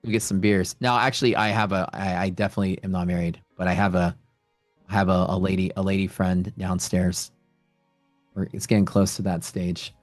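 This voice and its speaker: Chatty male stream host, low-pitched, talking loosely to his chat over faint background music, dry sound. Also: level tone, brisk, no room sound. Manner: rambling, talkative, answers viewer chat questions. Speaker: livestream host and futures trader. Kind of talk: casual livestream chat. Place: at home.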